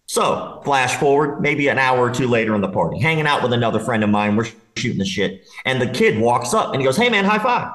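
A man tells a rowdy story in loose, casual talk, swearing freely and breaking into laughter. His voice sits at an ordinary pitch. The room around him rings with noticeable echo. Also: brisk, hardly any pauses. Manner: animated, swearing, laughing while telling a story. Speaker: podcast guest. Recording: roomy echo.

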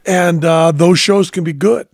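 A man's voice: a little high, fairly even intonation, unhurried, creaky, no room sound, studio quality. A man hosting a podcast, telling stories in a reflective way with many fillers and restarts. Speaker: podcast host. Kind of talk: casual conversation.

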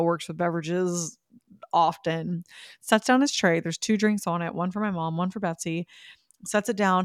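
A woman's voice: lowish voice, no echo, clean studio sound. A young woman hosting a podcast, telling a casual story in a chatty way and laughing often. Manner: chatty, laughs often, spiritual wellness talk. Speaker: podcast host.

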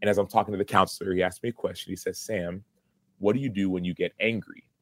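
A man's voice: low voice, steady tone, quick pace. A man in his thirties, a former football player, earnestly recounting a personal story in an interview, with many restarts.

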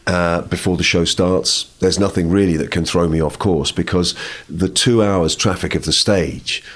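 A British man, an actor being interviewed, speaking in a measured, thoughtful way. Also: low voice, fairly bright tone. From Britain. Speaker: guest actor. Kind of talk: interview conversation.

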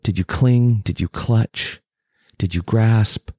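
A man's voice: fairly low pitch, slow pace, mellow, husky, dry recording, studio quality. A man who is a teacher and speaker, telling a personal story in a conversation in an earnest, reflective and intense way.

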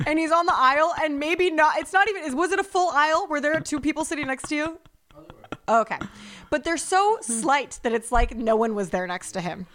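A young woman telling a story in casual podcast chat, animated and profane, acting out what other people said. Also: high voice, normal speed. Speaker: podcast co-host.

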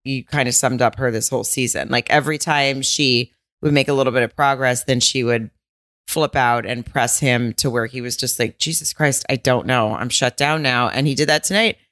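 A woman's voice: extremely low pitch, steady tone, brisk, a bit bright. A woman co-hosting a podcast, chatting casually and acting out quotes with some swearing. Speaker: podcast co-host. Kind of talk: casual chat recapping a reality show.

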